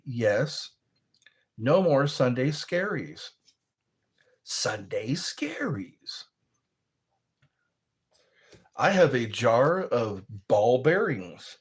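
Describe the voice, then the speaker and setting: A man hosts a casual livestream, reading out viewer comments and riffing on them. He talks very slowly, stretching his words, and his pitch swings widely. His tone stays playful and chatty. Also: very animated, slightly rough. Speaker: livestream host.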